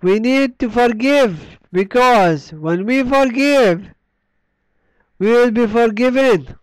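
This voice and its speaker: High-voiced, slow-preaching man. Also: smooth, no room sound, poor audio. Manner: slow, deliberate preaching with long pauses and falling line endings; reads scripture aloud in an earnest tone. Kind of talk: sermon.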